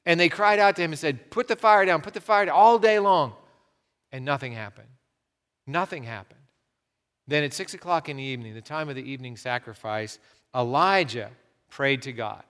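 Animated preacher in a big echoing hall. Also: male voice, medium pitch, moderate pace, clean tone. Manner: storytelling, animated, swings from loud to hushed. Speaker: pastor. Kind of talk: sermon.

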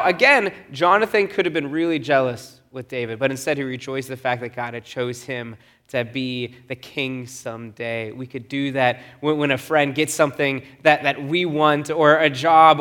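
A young adult man giving a sermon, telling a personal story in an animated, self-deprecating way. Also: fairly high pitch. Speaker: pastor.

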